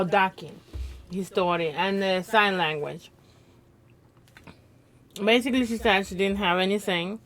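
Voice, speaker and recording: A woman's voice: fairly low pitch, fairly bright tone. A woman co-hosting a podcast, recapping a plot in a plain, matter-of-fact way. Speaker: podcast co-host. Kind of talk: casual chat.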